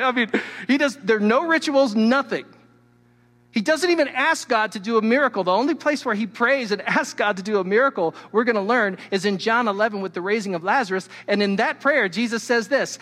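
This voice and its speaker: Man, pastor, sermon, emphatic, teacherly, high-pitched, long hall reverb. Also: expressive, brisk. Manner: emphatic, swings between loud and hushed; teacherly, addresses the listeners directly.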